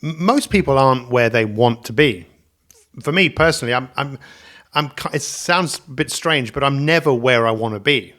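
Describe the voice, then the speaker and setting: A man hosting his own motivational podcast about coaching, talking alone in an energetic, upbeat way and repeating catchphrases. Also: medium pitch, normal speed. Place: indoors at home, coffee in front of him.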